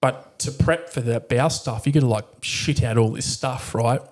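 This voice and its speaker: Male veteran, podcast guest; dark, mellow voice; candid, profane and conversational. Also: medium pitch, moderate pace. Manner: blunt, heavy swearing, frequent fillers.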